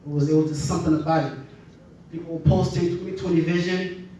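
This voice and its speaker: A man's voice: on the high side, steady tone, fast, warm tone, heavy reverb, distant mic, a little hiss or hum, low-quality recording. A man from the Bahamas, preaching a sermon in a conversational way and often asking "right?".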